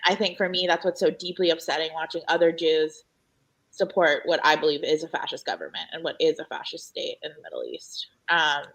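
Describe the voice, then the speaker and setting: A woman's voice: low-pitched, fairly quick, a bit bright, low-quality recording. A woman panel guest on a radio talk show, speaking earnestly and thoughtfully, with frequent ums.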